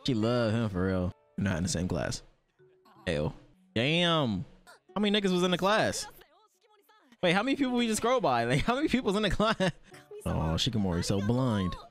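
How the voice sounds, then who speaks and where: A man's voice: mid-range voice, sing-song, normal speed, long pauses, faint music behind. A man hosting an anime reaction video, talking back to the screen with lots of laughter and profanity.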